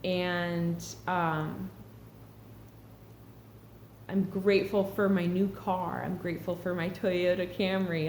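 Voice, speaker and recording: A woman's voice: on the low side, fairly even intonation, measured pace. Earnest woman vlogging in an echoey room. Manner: earnest, reflective, heartfelt. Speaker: spiritual vlogger. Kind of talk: casual spiritual vlog monologue. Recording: echoey room with faint background hum.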